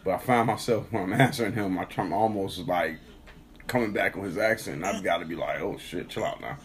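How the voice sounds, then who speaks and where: A man's voice: low-pitched, brisk. A man co-hosting a podcast, chatting casually and loosely, swearing freely. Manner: laid-back, profane, laughs often. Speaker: co-host.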